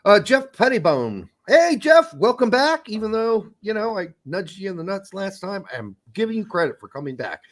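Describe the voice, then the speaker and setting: A man's voice: high voice, big pitch swings, moderate pace, few pauses. A man co-hosting a soccer podcast in casual chat, blunt and profane. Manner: blunt, profane, jumps into mock voices. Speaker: podcast co-host.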